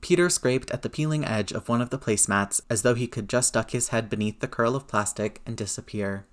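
A man reading a story aloud as narrator, steady and measured. His voice sits at an average pitch for a man.

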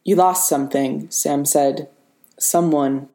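A woman voicing a weary, grounded male soldier hero who speaks quietly and wryly in an audiobook reading. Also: low-pitched, fairly even intonation, slow. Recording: roomy reverberant room.

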